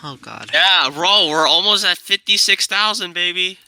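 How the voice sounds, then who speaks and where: Man, casual gamer chat, sharp bright voice, excitable and slangy. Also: sits high, normal speed, clean tone, dry recording. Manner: excitable, loose slangy exclamations. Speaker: gamer chatting with friends.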